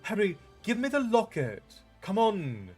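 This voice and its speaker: A man reading aloud, putting on the voice of a brisk, impatient teenage witch girl who sounds urgent and bossy. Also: sits high, very animated, darkish tone, faint music behind, pitched above the performer's own voice. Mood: insistent.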